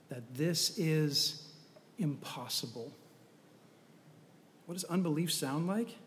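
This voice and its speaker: A man's voice: fairly high pitch, long reverb tail. A man preaching a sermon in a conversational, storytelling way with humorous asides.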